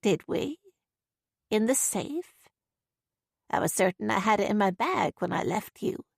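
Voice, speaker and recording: A woman reading an audiobook, voicing a confused, cheery grandmother who is quick to feel hurt, in a slow, wavering voice. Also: medium pitch, expressive, vocal fry, husky, dry recording, clean studio sound, exaggerated voice. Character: confused, cheery old grandmother, easily wounded.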